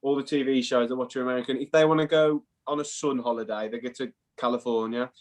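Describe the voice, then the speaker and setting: A man's voice: mid-range voice, fairly even intonation, quick pace. A young man with an English accent, chatting casually as an interview guest, swearing and calling the host "mate". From England. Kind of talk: casual chat.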